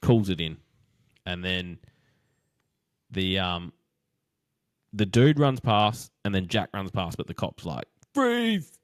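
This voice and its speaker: A man with a fairly low voice recaps a TV show in casual chat. He acts out the scenes in quick quoted voices. The sound is dry and close. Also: dry recording. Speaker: podcast co-host.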